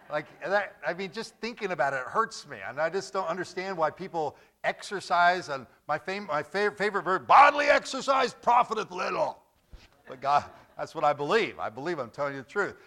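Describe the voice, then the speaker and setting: High, bright-voiced preacher telling jokey stories. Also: male voice. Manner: lively, repetitive, joking storytelling. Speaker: pastor. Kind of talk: sermon.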